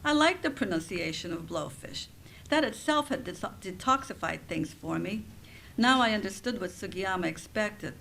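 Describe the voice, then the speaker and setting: A woman reading her own nonfiction aloud at a campus event, her voice at an ordinary middle pitch. She tells the story in an expressive, wry way. Faint ambient noise hangs in the background. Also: moderate pace, gravelly, poor audio. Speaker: professor and author. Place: campus writing center event.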